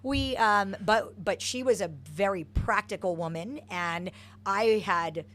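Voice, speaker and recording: Her voice is medium in pitch and she takes her time as she speaks. She's a middle-aged woman from Hawaii, a soccer coach, animatedly sharing stories from her earlier life during an interview.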